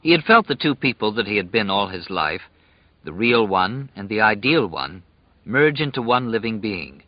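Low-voiced man narrating an audiobook. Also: sing-song, normal speed, no room sound, lo-fi sound. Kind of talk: scripted narration.

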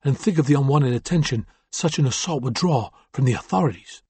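A man's voice: mid-range voice, a little fast, darkish tone, slightly rough, dry recording. A man voicing a cautious, earnest male gang lieutenant in an audiobook. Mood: wary.

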